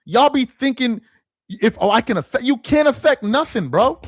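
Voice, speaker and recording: A man's voice: very high voice, lively intonation, moderate pace, slightly rough, dry recording. A man hosting a sports commentary channel, ranting to camera in an exasperated voice and hammering the same phrases over and over. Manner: exasperated, repeats phrases for emphasis.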